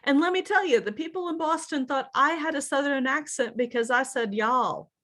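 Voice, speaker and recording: A woman's voice: high voice, a little fast, a bit bright. A woman from Virginia's Shenandoah Valley giving a casual genealogy lesson, chatty and hesitant, spelling out names letter by letter. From central Shenandoah Valley, Virginia. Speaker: genealogy instructor.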